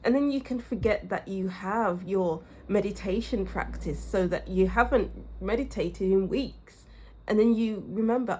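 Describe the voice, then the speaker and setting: Woman, tarot reader, slow unhurried talk, breathy voice, pauses to find words. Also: mid-range voice, mellow. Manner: slow, musing, searches for words, laughs often. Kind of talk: casual tarot reading, speaking to viewers.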